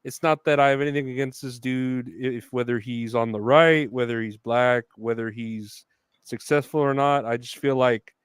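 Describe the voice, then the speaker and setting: A man's voice: medium pitch, steady tone, moderate pace, clean tone, dry recording, studio quality. A man chatting casually as a podcast co-host, laid-back and wry. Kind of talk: casual chat.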